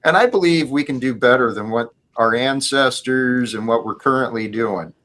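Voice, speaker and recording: A man's voice: medium pitch, normal speed, fairly bright tone, low-quality recording. A man hosting a casual live stream panel. He talks in an earnest, preachy way about faith. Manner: earnest, preachy spiritual talk. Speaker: stream host.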